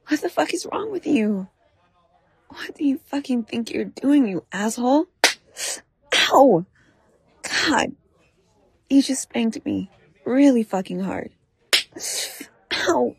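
Slow, husky, gravelly woman's voice. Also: a little high, dry recording. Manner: teasing, profane, often dropping to a whisper. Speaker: audio role-play performer. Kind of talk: adult audio role-play.

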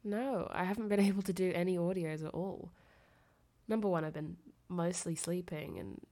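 A young woman, sick and nasal with a fever, talking softly and intimately in a girlfriend phone-call role-play, often giggling and trailing off. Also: fairly low pitch, fairly even intonation, normal speed. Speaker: audio creator.

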